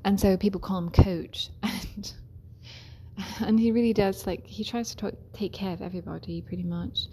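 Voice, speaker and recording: A woman's voice: mid-range voice, fairly even intonation, normal speed, breathy edge. Chatty woman telling a story. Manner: chatty, laughs often, drops into soft whispery asides. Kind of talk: casual storytelling.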